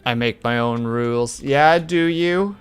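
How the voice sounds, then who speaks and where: A man's voice: mid-range voice, a little slow, clean tone, soft background music. A male streamer chatting casually while drawing, telling rambling stories and teasing his viewers. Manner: rambling anecdotal storytelling; playful teasing.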